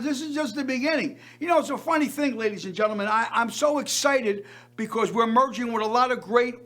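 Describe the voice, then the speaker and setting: Older guy hosting a variety show, high voice, gushing showman style, doubles up words for emphasis. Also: fairly bright tone. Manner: effusive, emphatic, repeats words. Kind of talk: showman's monologue.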